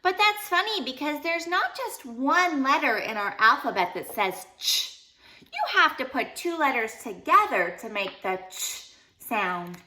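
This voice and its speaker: A young woman teaching young children phonics in a playful, animated sing-along lesson, singing short song lines between sounds. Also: sits high.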